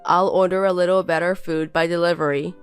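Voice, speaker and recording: A woman's voice: on the low side, flat delivery, fairly quick, smooth, soft background music, close to an everyday voice. A woman voicing a contemptuous young husband who belittles and bosses his wife in a text-message story. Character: scornful insulting young husband.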